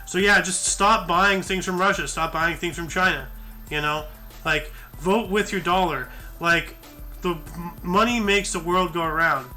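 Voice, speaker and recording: Tired man, high sharp voice. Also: measured pace, soft background music. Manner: rambling asides, many fillers and restarts. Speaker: news show host. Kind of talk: casual news commentary read from articles.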